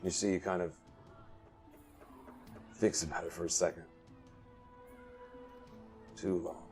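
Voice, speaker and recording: A man's voice: sits low, slow, soft background music. A man narrating as dungeon master in a tabletop game, talking animatedly and voicing the characters. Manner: animated, drops to a hushed voice for a character, bursts into loud outbursts.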